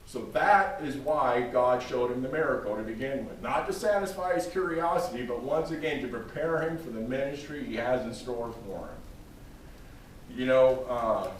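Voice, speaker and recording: A man's voice: medium pitch, normal speed. A man preaching a sermon, speaking emphatically and addressing his congregation directly by name. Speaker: pastor. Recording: very echoey room, distant mic, faint noise.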